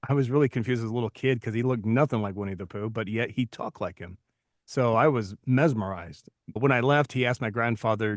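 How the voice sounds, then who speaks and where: A man in his fifties, co-host of a podcast, telling stories from his acting career in a relaxed, reflective way. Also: lowish voice, fairly quick, no room sound, clean studio sound. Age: 50s. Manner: storytelling, reflective. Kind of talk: casual podcast chat.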